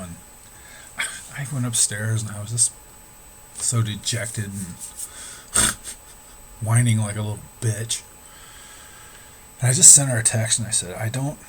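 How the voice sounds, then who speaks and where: A man's voice: lowish voice, a little hiss or hum, low-quality recording. Candid, swearing middle-aged man. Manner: candid, swearing, rambling with restarts. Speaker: amateur musician. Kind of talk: casual talk to camera.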